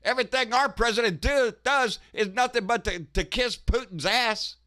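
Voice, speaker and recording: A cocky Russian sailor jeers and mocks in a high, bright voice, as a man puts him on. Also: normal speed. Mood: taunting. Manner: mocking, jeering.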